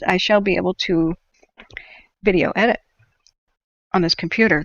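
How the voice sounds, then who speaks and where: A woman's voice: fairly low pitch, vocal fry, dry recording, muffled recording. A woman hosting a casual livestream, rambling and thinking aloud with lots of fillers as she talks at her computer. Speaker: livestream host.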